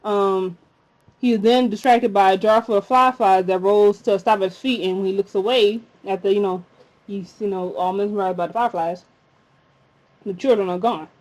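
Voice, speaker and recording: Reviewing a TV episode, this woman chats casually and keeps breaking into indignant tirades. She has a steady, darkish mid-range voice at a moderate pace, and the lo-fi recording sounds slightly dull.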